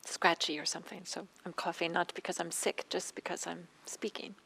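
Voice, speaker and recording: A woman meditation teacher giving a dharma talk, speaking gently with pauses and a slightly scratchy throat. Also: fairly low pitch, level tone, gravelly, in a whisper. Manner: gentle, soft-spoken with frequent pauses and fillers.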